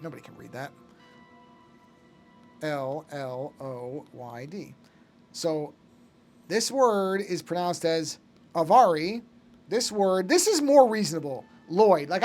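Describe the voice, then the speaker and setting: A man chatting casually to his live-stream chat while drawing, rambling and often breaking off to fix something. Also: high-pitched. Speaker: art streamer.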